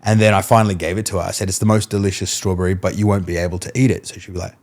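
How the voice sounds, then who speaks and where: A man, a mentalist guest, telling animated stories in casual podcast chat and acting out what people said. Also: low voice, rapid-fire. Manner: animated storyteller, acts out quotes, laughs mid-story.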